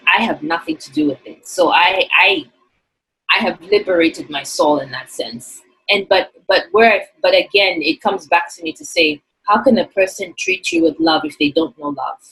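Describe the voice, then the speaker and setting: A woman's voice: medium pitch, sing-song, normal speed, vocal fry, fairly bright tone, husky, poor audio. A woman from Zambia, earnestly and reflectively telling a personal story in an interview. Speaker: interview guest.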